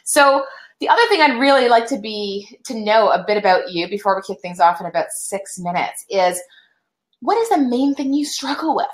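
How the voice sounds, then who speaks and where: A woman's voice: a little high, big pitch swings, normal speed. A young woman hosting a live online webinar, greeting viewers in an upbeat, chatty way with many fillers. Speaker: webinar host. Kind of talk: casual live-stream chat. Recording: echoey room.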